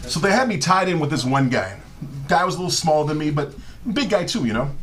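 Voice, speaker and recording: A middle-aged man spins rowdy, profane stories for a live show audience, laughing through his own punchlines. His voice sits a touch high for a man. A faint hum of ambience runs under the recording. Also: quick pace. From Southern California. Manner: animated, profane, laughing often. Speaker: host telling stories. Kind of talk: casual comedic storytelling.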